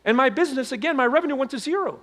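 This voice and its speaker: A middle-aged man giving a motivational keynote on stage, telling his story with dramatic swings between loud emphasis and hushed low tones. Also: lively intonation, rapid-fire. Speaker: keynote speaker. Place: conference stage before a live audience.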